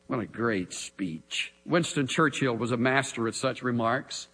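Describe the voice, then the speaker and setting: A man preaching a sermon in a dramatic way, moving between hushed lines and emphatic calls. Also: mid-range voice, unhurried, few pauses. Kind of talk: expository sermon. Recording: long hall reverb.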